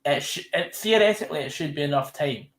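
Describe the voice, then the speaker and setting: A man's voice: on the high side, lively intonation, quick pace, a bit bright. A young Scottish man hosting a live football watch-along, chatting casually and correcting himself as he goes. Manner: rambling, self-correcting, chatty. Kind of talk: casual live commentary chat.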